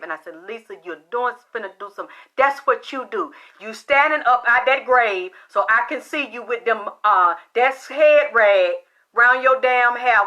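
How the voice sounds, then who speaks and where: Woman psychic, high bright voice, blunt profane storyteller. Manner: blunt, heavy cursing, excitable. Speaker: psychic reader.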